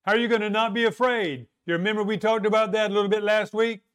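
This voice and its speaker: A man preaching a sermon, slow and emphatic, asking rhetorical questions and leaning on dramatic pauses. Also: sits high, fairly even intonation, a bit bright, smooth.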